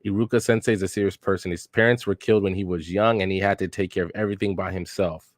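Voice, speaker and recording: A smooth-talking ninja teacher who plays at kindness, read by a man in his own low voice. The lines come in a plain, casual read-aloud. The sound is dry and close. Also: steady tone, fast, no room sound, natural voice. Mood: soothing.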